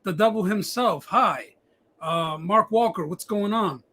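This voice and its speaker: A man's voice: sits high, a little slow, bright, forceful tone. A man hosting a casual live-streamed podcast, swearing often and restarting his sentences. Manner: profane, rambling, stammering restarts. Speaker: podcast host.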